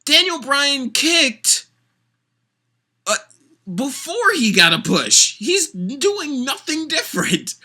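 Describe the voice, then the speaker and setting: A vlogger giving a sarcastic, opinionated rant about pro wrestling, talking with animated, mocking energy. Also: sits high, slow. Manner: sarcastic, animated, mocks fans with put-on voices. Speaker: wrestling commentator.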